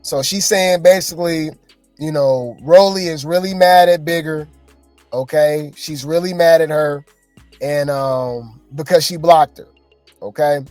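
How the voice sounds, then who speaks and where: High-voiced, exasperated gossip commentator man. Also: a little slow, no echo, soft background music. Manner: animated, exasperated, talks straight to viewers.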